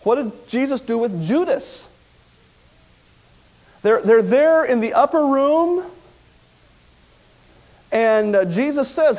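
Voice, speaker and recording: Preacher, male, high-pitched, dramatic sermon delivery that swings from loud to hushed. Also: slow, long pauses. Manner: animated storytelling, voicing the people of the story with swings from loud to hushed.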